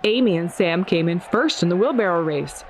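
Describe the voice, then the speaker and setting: A woman reading a children's picture book aloud with an expressive, lilting storybook delivery. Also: fairly low pitch, normal speed, slight background noise.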